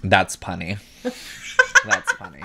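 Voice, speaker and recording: A man's voice: sits low, huge pitch swings, slow pace, vocal fry, shouting, heavy background noise. A man casually chatting and laughing while reacting to a horror film, swearing freely. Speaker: reaction channel host. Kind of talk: casual movie reaction chat.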